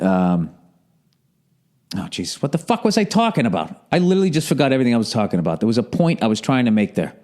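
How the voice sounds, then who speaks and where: A man's voice: fairly low pitch, darkish tone. Man, podcast host, profane rambling chat, sarcastic, slightly sore voice. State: sore voice, sucking a cough drop. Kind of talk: profane casual monologue.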